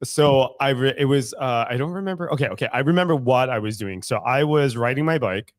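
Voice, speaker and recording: A man's voice: medium pitch, brisk, dry recording, clean studio sound. A man co-hosting a casual podcast, talking candidly about his faith, often laughing and swearing freely. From San Francisco Bay Area. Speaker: podcast co-host. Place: studio room.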